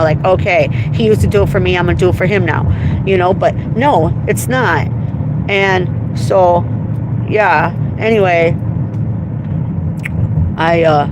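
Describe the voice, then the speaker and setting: A woman venting in an emotional, profane, rambling livestream monologue while driving. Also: mid-range voice. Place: inside a car, driving. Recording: car noise behind. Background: road and car noise.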